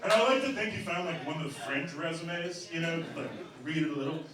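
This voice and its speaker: A man's voice: on the high side, a little fast. A young man doing stand-up, telling a long story loosely with many fillers, on stage before a crowd. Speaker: stand-up comedian. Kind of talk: stand-up set. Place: comedy club stage before a laughing crowd. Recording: very echoey, noisy club from a distance.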